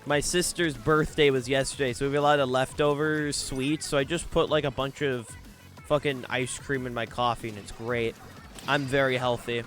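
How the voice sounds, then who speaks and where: A man's voice: mid-range voice, level tone, normal speed, a bit bright, soft background music. A young man streaming a game live, chatting casually with viewers in a brash, joking way and swearing a lot.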